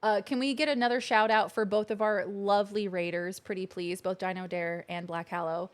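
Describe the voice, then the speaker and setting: A woman's voice: medium pitch, steady tone, fairly quick, clear, resonant tone. A woman streaming a video game from her couch at home, chatting casually and gushing thanks to her viewers. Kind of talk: casual live-stream chat. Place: living room couch at home.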